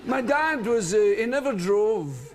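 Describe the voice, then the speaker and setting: A man's voice: sits high, very animated, unhurried, a crowd in the background. A Scottish man, a chat-show guest, telling a long rambling anecdote and laughing through it. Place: television studio.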